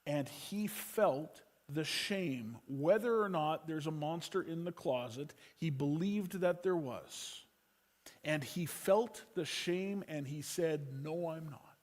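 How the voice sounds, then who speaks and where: A middle-aged man preaching a sermon as pastor, telling stories that swing from loud urgency to a quiet hush. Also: a little high, expressive, slow.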